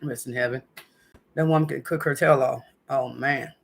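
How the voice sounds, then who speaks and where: Gravelly-voiced woman chatting with viewers. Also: very deep voice, steady tone, moderate pace. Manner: emotional, chatty, calls viewers honey and baby. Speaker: livestream host. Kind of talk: casual livestream chat. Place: at home indoors.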